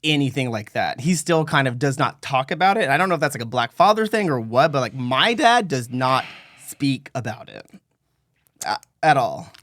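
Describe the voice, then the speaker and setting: A young man co-hosting a podcast, telling a long personal story in casual chat, acting out other people's voices with sudden high jumps. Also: moderate pace, no echo, studio quality. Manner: animated storyteller, acts out voices with big pitch jumps. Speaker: podcast co-host.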